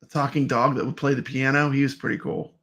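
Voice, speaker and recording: A man's voice: medium pitch, level tone, fast talker, a bit bright. A man co-hosting a live stream, chatting casually and greeting viewers by name in an upbeat way. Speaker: co-host of a live stream show.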